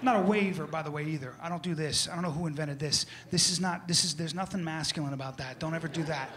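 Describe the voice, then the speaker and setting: A man performs stand-up comedy to a laughing crowd, brash and mock-instructional as he acts out his bits. He speaks fast in a fairly high-pitched voice with a fairly bright tone. The roomy live-venue recording picks up crowd noise.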